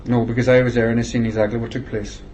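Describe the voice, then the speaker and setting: A man sits under questioning in a meeting and answers defensively. His voice sits at an ordinary middle pitch, and a faint hiss runs under it. He is insistent and repeats himself to make his points. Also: flat delivery, racing, darkish tone, low-quality recording. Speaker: interviewee at a meeting. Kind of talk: tense back-and-forth questioning.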